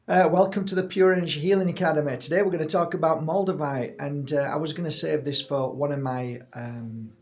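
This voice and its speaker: A man's voice: on the high side, vocal fry. A man in his fifties, a healer and channel host, casually telling a personal story, rambling with frequent restarts.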